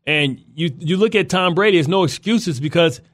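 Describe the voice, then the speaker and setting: A man's voice: sits high, moderate pace, a bit bright. A man co-hosting sports radio talk, argumentative and casual, acting out what others might say. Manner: argumentative, acts out quotes in voices.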